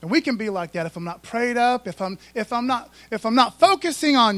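A man's voice: very high voice, expressive, brisk, fairly bright tone, dry recording. A man preaching a sermon in a folksy, conversational way, full of asides to the congregation. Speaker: pastor.

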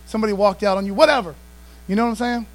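A man's voice: sits high, racing, rough recording. A man preaching a sermon in a conversational style, often calling out to the congregation for responses. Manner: conversational preaching, frequent call-outs to the congregation. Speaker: pastor.

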